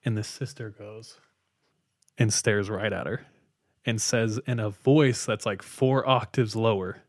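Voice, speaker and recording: A man's voice: on the low side, moderate pace, dry recording, studio quality. Man telling a ghost story casually. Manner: animated retelling with fillers, hushed for spooky parts. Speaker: podcast co-host telling a story.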